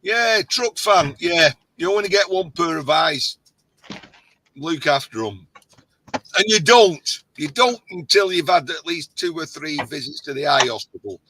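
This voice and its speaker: A man's voice: on the high side, lively intonation, a little slow, sharp tone, a little hiss or hum, rough recording. A man hosting a casual livestream chat, rambling and jokey as he gets a little tipsy. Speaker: host.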